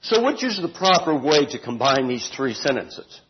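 A man teaching a Bible study group in an informal, deliberate way, stressing words and adding homely asides and self-corrections. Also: medium pitch, big pitch swings, lo-fi sound, background noise.

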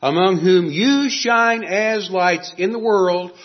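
A man preaching a sermon in an earnest, emphatic way, pausing dramatically on key words. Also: sits high. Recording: dull lo-fi recording.

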